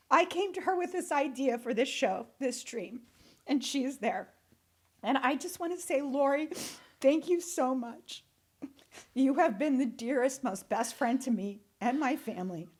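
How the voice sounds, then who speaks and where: A woman in her forties hosts a heartfelt podcast. She speaks earnestly and with emphasis, straight to her listeners. Her voice sits a little high and is recorded on a studio microphone. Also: a little mellow. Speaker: podcast host. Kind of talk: heartfelt solo podcast monologue.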